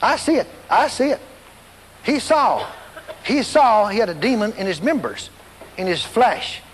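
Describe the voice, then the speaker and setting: A man's voice: high voice, expressive, unhurried, slightly rough, long reverb tail. A man preaching a storytelling sermon, acting out scenes and voices and laughing along as he goes.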